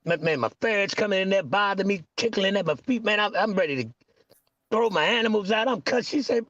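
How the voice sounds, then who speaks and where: A man's voice: sits high, fast, fairly bright tone, no room sound, lo-fi sound. A middle-aged man talking casually, stammering and rambling with frustration. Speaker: podcast guest. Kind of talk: casual chat.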